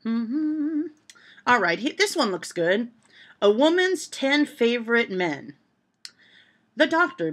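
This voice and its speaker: A woman vlogging from home, reading joke lists aloud to her camera and laughing at the punchlines. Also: mid-range voice. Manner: reads jokes aloud and reacts with loud laughter. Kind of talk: casual joke-reading vlog.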